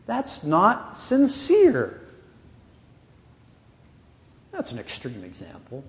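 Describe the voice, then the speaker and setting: A man's voice: on the high side, huge pitch swings, drawn-out words, long reverb tail. A man preaching a sermon as pastor of a church, earnest and pressing his points with rising emphasis.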